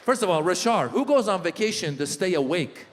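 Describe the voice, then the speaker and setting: A middle-aged man doing stand-up comedy, chatting with the audience in lively crowd work, in a hall with long reverb. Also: high-pitched, fairly quick, noisy background.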